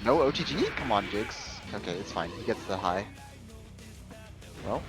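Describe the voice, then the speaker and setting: Man, casual esports commentator, chatty, lively pitch, music in the background. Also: normal speed, low-quality recording. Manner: chatty, filler-heavy, lively reactions. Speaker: fighting game commentator.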